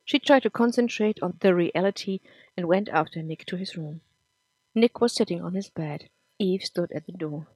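A woman narrating a serialized story podcast in a measured, emphatic reading. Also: lowish voice, a little mellow, slightly rough, no echo. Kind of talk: scripted audiobook narration.

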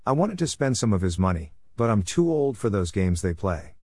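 In an audiobook, a defiant young boy, read by a man dodges every question in a sullen, evasive mutter. The voice sits low and close, with a dry, deadened sound and no room around it. He gives short, grudging answers. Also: big pitch swings, moderate pace, a little mellow, breathy edge, no echo. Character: sly defiant boy, caught stealing, dodging.

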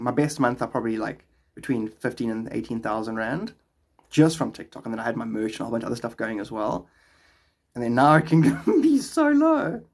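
Young South African male streamer, rambling and chatty, rough grainy voice. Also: mid-range voice, a little mellow. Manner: chatty, rambling, laughs often. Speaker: live streamer. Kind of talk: casual chat with live chat viewers.

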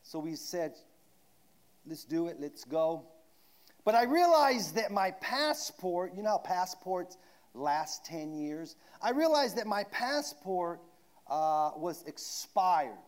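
A man preaching a sermon, swinging from shouted declarations down to hushed asides. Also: sits high, sing-song, takes it slowly.

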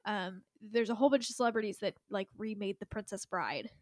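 A woman's voice: mid-range voice, a little fast, no room sound, clean studio sound. A woman in her twenties, co-hosting a podcast in casual chat, giggly and full of "like" fillers. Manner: chatty, giggly, many "like" fillers. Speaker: podcast co-host.

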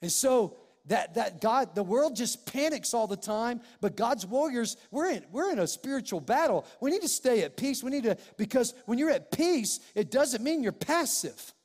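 High-voiced man preaching in a reverberant hall. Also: very animated. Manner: conversational, swings from quiet and slow to loud and emphatic. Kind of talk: sermon.

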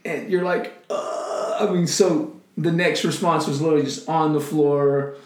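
A man tells his missionary story with deep sincerity, slipping into the prayers he once prayed. His voice sits a little high. The room around him rings noticeably. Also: fairly even intonation, unhurried, a little mellow, echoey room. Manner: earnest, emotional storytelling, acts out his own prayers. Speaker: missionary guest. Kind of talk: testimony in casual conversation.

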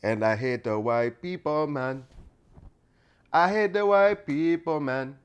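A man's voice: fairly high pitch, slow pace, clean tone. A man voicing a grumbling Jamaican man in a put-on Jamaican accent, singsong and drawn out, with a tag ending every line.

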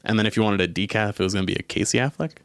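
A man's voice: lowish voice, racing, dry recording. A young man chatting casually as a podcast co-host, joking and laughing often. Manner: jokey, laughs often, animated bursts. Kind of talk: casual chat.

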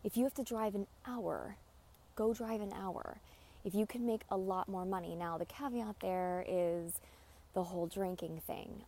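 A woman's voice: mid-range voice, fairly even intonation, unhurried, dark tone, slight background noise. A woman hosting a podcast, giving blunt, emphatic advice in a casual monologue and often repeating herself. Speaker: podcast host.

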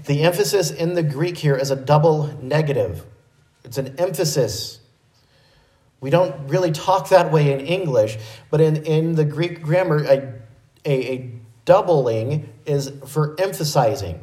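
A man's voice: on the high side, measured pace, dark tone. A man preaching a sermon, explaining a passage in a teaching way and often correcting himself mid-sentence. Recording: echoey room.

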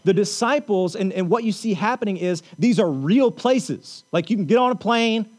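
High-voiced man preaching a casual sermon. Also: animated, normal speed, a little mellow. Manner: conversational, checks in with repeated "okay?", joking asides. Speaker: pastor.

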